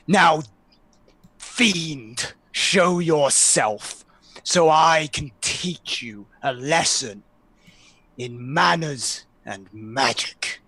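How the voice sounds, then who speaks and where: A man's voice: on the high side, sharp tone, no echo, full character voice. A man voicing a desperate, grieving father who commands and pleads during a tabletop role-play game. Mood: commanding. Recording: faint background music.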